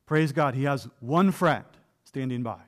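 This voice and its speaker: A man's voice: mid-range voice, a little slow. A pastor preaching a sermon from the pulpit, earnest and emphatic, with rhetorical questions to his listeners. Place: church pulpit.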